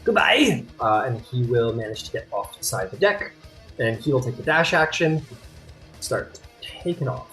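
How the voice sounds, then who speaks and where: A man narrating as game master of a tabletop game, chatty and quick to apologize. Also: medium pitch. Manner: lively, chatty, apologetic asides. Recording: faint guitar music behind.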